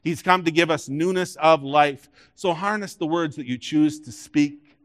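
A man preaching a sermon as pastor, rising loud and high on key points and dropping quiet for emphasis. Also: moderate pace, dry recording, clean studio sound.

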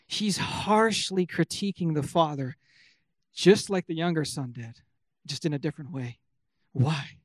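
A man with a notably high voice delivers an earnest sermon, pressing his points home and asking his listeners questions as he teaches. The recording is dry and close, with no room sound. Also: darkish tone, no echo. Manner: earnest, emphatic preaching with rhetorical questions. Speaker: pastor.

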